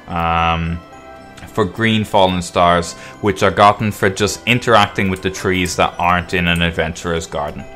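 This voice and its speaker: A man hosting a game guide video, explaining relaxed and casually as he plays. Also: low voice. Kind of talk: casual gameplay walkthrough commentary.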